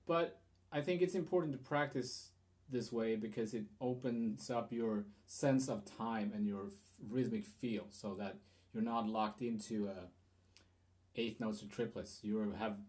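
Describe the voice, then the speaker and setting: A guitar teacher explains rhythm in a lesson, hesitating with fillers and restarts. His voice is fairly low and darkish in tone, and he speaks a little slowly.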